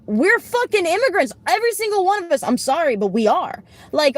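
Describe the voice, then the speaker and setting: A woman in her late twenties chatting casually on a live stream, giving card readings, blunt and swearing freely with quick asides. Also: high-pitched, sing-song. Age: late 20s. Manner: blunt, heavy swearing, talks back to chat.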